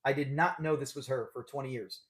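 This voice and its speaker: A man's voice: medium pitch, fairly even intonation, brisk. A man hosting a live trivia stream, talking in a chatty, upbeat way and laughing often. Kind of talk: casual live-stream chat.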